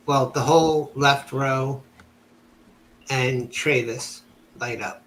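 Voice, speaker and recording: A man running a tabletop game as game master, pausing often while he sorts out the rolls. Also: medium pitch, steady tone, fairly bright tone, a little hiss or hum, rough recording.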